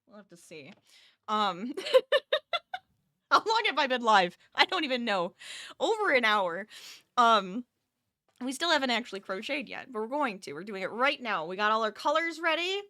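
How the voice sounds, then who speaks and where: A woman's voice: on the high side, big pitch swings, normal speed, long pauses, bright, forceful tone, dry recording, clean studio sound. A tired woman chatting casually with her viewers during a live crochet stream from her home office, laughing often and reading chat aloud.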